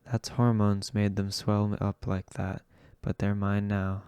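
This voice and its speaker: A man voicing a gentle woman who speaks very softly and soothingly. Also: on the low side, level tone, slow pace, clear, resonant tone, no echo. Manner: very soft, soothing. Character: gentle, comforting older butch-loving trans woman.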